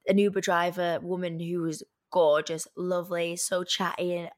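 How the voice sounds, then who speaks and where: A woman's voice: lowish voice, little pitch movement, normal speed. A woman hosting a podcast, telling stories dramatically. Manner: dramatic storyteller with gasps and laughs. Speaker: podcast host. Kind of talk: casual chat.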